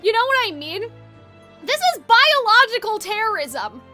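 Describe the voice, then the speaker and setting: Young woman, game streamer, animated, blunt, lively pitch, faint background music. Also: normal speed. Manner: animated, blunt, swears freely. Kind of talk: live game stream, reading and reacting.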